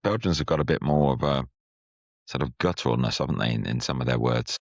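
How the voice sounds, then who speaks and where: Very deep, husky-voiced male host. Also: fast talker, no echo. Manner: teasing, chummy banter. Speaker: podcast host. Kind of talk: casual chat. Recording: slightly muffled, dry sound.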